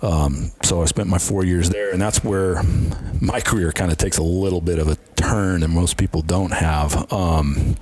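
A man's voice: low voice, steady tone, normal speed, hardly any pauses, darkish tone, breathy edge, dry recording. A middle-aged man, a strength and conditioning coach, earnestly telling career stories in an interview and acting out past conversations. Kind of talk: casual interview storytelling.

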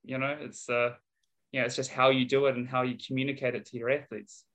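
A man's voice: medium pitch, fast, low-quality recording. Laid-back New man chatting. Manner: relaxed, chatty, lots of fillers and "mate". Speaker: strength and conditioning coach, podcast guest. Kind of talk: casual podcast conversation.

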